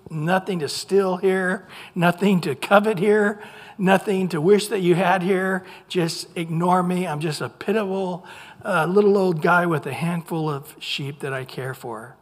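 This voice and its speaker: A worn-out old shepherd of eighty, humble and full of self-doubt, as a preacher puts him on. The voice is husky and breathy and drops low and soft. It rings with a long hall echo. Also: slow pace. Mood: self-pitying.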